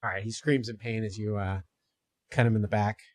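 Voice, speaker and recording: A man acting as game master, narrating a tabletop game and making brisk, matter-of-fact calls on each player in turn. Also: fairly low pitch, steady tone, darkish tone, no room sound.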